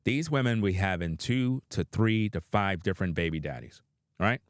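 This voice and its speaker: A man's voice: deep voice, expressive, moderate pace, dry recording, studio quality. Blunt, profane commentator man. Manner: blunt, profane, preachy, addresses viewers as guys. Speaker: reaction commentator. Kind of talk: opinionated commentary.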